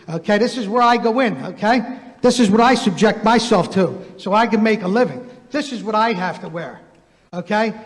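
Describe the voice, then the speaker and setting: A man with a notably high voice speaks passionately to a room, hammering his points and repeating them until he is shouting. The sound rings with a long hall echo, as if caught in a big meeting room. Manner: emphatic, repetitive, rising to a shout. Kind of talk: impassioned public comment. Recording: reverberant hall recording.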